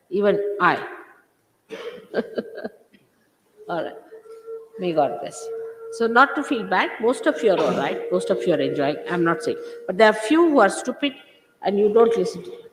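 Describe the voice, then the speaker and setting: A woman's voice: mid-range voice, slight background noise. An older woman addresses her followers in a firm, scolding tone, driving her points home by repeating them. Her voice rings through a large hall with a long, roomy reverb. The recording carries the character of an old archive tape. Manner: scolding, emphatic, repeats phrases for stress. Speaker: spiritual teacher. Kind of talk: informal spiritual talk to followers.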